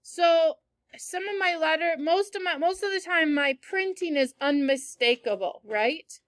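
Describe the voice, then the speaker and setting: A woman's voice: extremely high pitch, a little slow, no room sound. A woman teacher in a classroom, patiently explaining word meanings with everyday examples during a read-aloud lesson.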